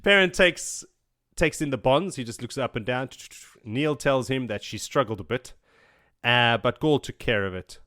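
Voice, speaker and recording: Bright, excitable male podcast host. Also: medium pitch, normal speed. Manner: swearing, laughing, excitable retelling. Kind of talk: casual book recap.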